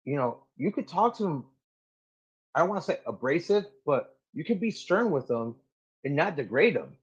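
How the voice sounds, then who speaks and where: A man's voice: fairly high pitch, very animated, normal speed, breathy edge, highs cut off. A man who is a Marine gunnery sergeant, talking animatedly and swearing freely as a podcast guest, acting out the people in his stories. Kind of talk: casual interview storytelling.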